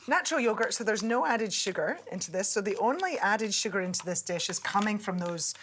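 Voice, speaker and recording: A woman with a Scottish accent, guest cook giving a relaxed, chatty cooking demonstration. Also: mid-range voice, fairly quick, slight background noise. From Scotland. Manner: chatty, relaxed, says "wee". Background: background music.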